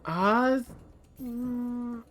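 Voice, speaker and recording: A streamer giving casual commentary over gameplay, comparing translations in a thoughtful, halting way with frequent pauses to sort out thoughts. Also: medium pitch, fairly bright tone. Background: faint game music.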